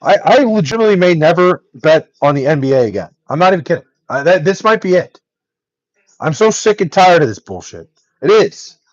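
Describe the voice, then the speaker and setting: A man's voice: fairly high pitch, sing-song, brisk, no room sound, lo-fi sound. A young man angrily ranting on a live stream, swearing nonstop and exasperated. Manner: angry, profane ranting.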